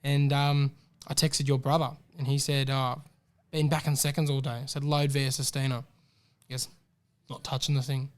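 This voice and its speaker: A man co-hosting a casual horse racing podcast, chatty and excitable, handing out shout-outs. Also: mid-range voice, normal speed, smooth. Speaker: podcast co-host. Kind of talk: casual racing tips chat.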